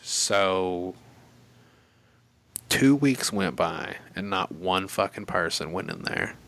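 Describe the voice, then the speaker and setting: Deep-voiced man telling a story. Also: slow. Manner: profane, rambling, animated. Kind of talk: casual storytelling.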